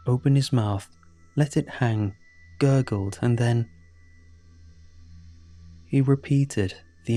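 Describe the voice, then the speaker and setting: A man reading a horror story aloud in a measured, grave scripted narration. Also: mid-range voice, dark tone. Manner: slow, measured, grave delivery. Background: faint background music.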